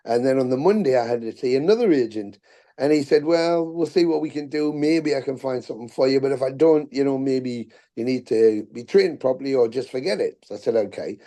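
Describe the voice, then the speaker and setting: Middle-aged man, guest on a chat podcast: lively, profane storyteller who acts out the quotes. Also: mid-range voice, brisk. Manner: animated storyteller, swears freely, acts out quotes. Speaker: podcast guest, musician and actor. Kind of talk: casual storytelling interview.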